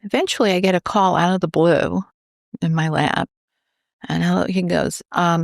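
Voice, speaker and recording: Speaking at normal speed with vocal fry, this woman has a voice on the low side, recorded in the studio with no room sound. As a New York cancer researcher on a podcast, she tells an animated story and acts out what others said.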